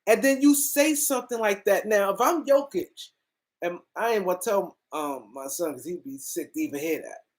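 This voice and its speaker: A man from the US East Coast hosts a casual sports talk show, his voice sitting high at a normal pace. He rants emphatically, repeating himself as he rambles through his points.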